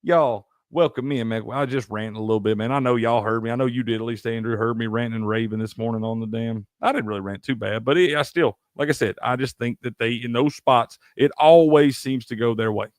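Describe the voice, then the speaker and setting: In a mid-range voice, fairly quick and with few pauses, a Tennessee sports show host rants hotly and profanely while handling chat on his live stream. The recording is dry and studio quality.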